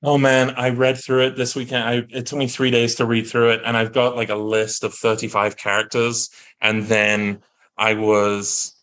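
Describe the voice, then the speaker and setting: A man's voice: medium pitch, completely flat delivery, moderate pace, a bit bright, poor audio. A man, a guest actor, chatting on a podcast in a self-deprecating, joking way with many restarts. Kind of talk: casual podcast chat.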